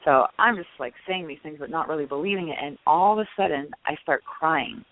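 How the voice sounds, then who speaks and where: A woman guest telling her own story in an interview, chatty and animated, full of "like" and "you know". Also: low-pitched, a little fast, dry recording. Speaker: guest, past-life regression client. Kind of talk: personal storytelling in a phone interview. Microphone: telephone. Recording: tinny phone line.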